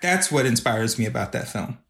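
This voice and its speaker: A man's voice: medium pitch, lively intonation, a little fast, vocal fry, a bit bright. A man speaking as a podcast guest who makes videos. He talks in an earnest, reflective way and is openly emotional. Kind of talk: casual podcast conversation.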